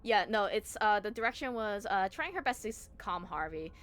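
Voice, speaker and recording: A woman's voice: medium pitch, animated, normal speed, fairly bright tone, a little hiss or hum. A young woman voice actor chatting casually about her role, rambling with lots of fillers. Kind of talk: casual commentary on her own performance.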